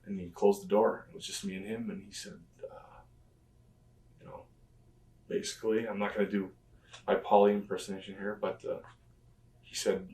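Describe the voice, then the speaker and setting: A professional wrestler with a lowish, darkish voice rambles through filler-heavy retellings of past conversations in a conversational storytelling interview. He was recorded in an echoey room with the mic placed at a distance.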